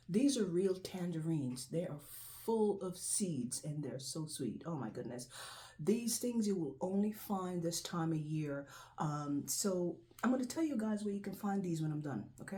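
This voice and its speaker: Woman host, casual and repetitive to camera; lowish, warm voice. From Jamaica. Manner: chatty, repetitive, keeps asking "right?". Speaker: video host. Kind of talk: casual show-and-tell talk to camera.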